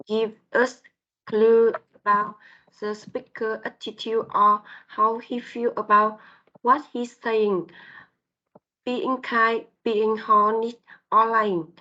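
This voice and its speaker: A woman student with a Vietnamese accent, a native Vietnamese speaker, reading a class presentation in a halting, hesitant way. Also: on the high side, sharp tone, lo-fi sound.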